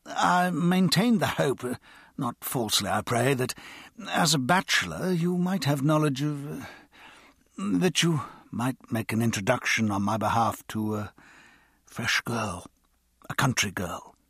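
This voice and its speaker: A man voicing an anxious, embarrassed Victorian gentleman in an audiobook, with a halting, pleading manner. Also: breathy edge, no room sound, clean studio sound. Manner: halting, pleading, raised pitch.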